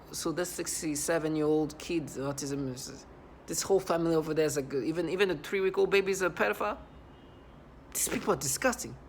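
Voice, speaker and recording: A man in his thirties giving a personal testimonial, halting, often repeating and restarting words. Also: on the high side, gravelly, slight background noise. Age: 30s. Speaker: vlogger.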